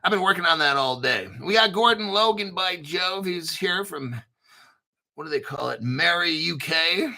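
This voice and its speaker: Man, crypto livestream host, bright tone, casual, swearing, jokey. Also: high-pitched, lively intonation, moderate pace, creaky. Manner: profane, rambling, jokey.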